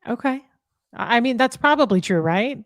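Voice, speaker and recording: A woman with a fairly high voice chats casually as a podcast co-host, answering her partner with dry, scolding comebacks. She is recorded close and dry, with no room sound. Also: lively intonation, moderate pace, no room sound. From Kansas. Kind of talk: casual chat.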